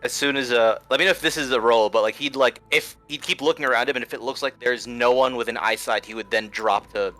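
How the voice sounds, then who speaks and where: A man's voice: medium pitch, fast, few pauses. A man playing in a tabletop game, describing his character's actions in a rambling, casual way with many fillers. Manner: rambling, animated, many likes and uhs. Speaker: player.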